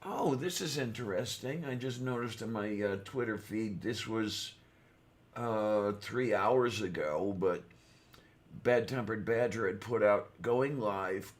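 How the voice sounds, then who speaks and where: A man co-hosting a podcast in casual chat, hesitant and self-deprecating, pausing often with ums. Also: on the low side. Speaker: podcast co-host.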